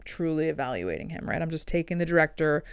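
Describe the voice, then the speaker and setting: Woman doing a dark funny solo monologue, kinda low voice, very dry mic. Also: big pitch swings, fast, clean tone, no room sound. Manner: dark, irreverent joking with frequent laughs. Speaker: podcast host and comedian. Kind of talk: comedic monologue.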